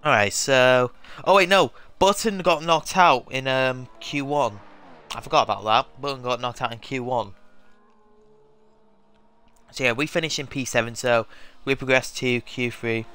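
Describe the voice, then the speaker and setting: A man's voice: mid-range voice, measured pace, long pauses, sharp tone, smooth. A man chatting casually as he commentates his racing gameplay, full of fillers and asides. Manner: rambling, filler-heavy chatter. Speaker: gaming video host.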